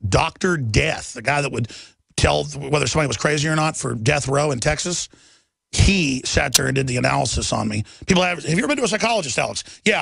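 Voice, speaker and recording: A man hosting a radio show, telling a rambling story on air, excitable and prone to shouting. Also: medium pitch, no room sound. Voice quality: gravelly. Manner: excitable, bursts into shouts, then sheepish.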